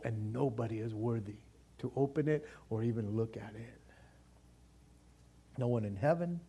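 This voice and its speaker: A man preaching a sermon in an animated, casual way, repeating words for stress and dropping in slang. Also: medium pitch, husky. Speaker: pastor.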